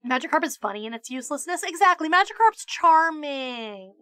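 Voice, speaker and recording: Swearing liberally, a VTuber streamer mock-rants with lots of energy to her viewers in a casual live chat, stammering through rapid restarts. Her voice is high and bright, heard close-up and dry with no room echo.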